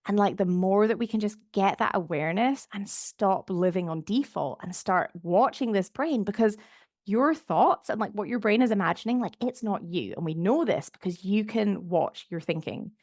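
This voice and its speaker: A woman's voice: mid-range voice, normal speed, a little mellow, no echo, studio quality. A woman hosting a solo podcast as a goal coach, talking in a chatty, encouraging way with lots of "like" fillers. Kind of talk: casual solo podcast monologue.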